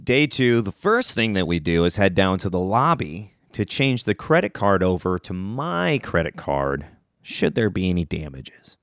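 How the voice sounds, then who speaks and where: Animated, lively-pitched man telling a story. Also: a little slow, no room sound, studio quality. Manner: animated, self-mocking, jumps up in pitch for emphasis. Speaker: podcast host. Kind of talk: casual storytelling.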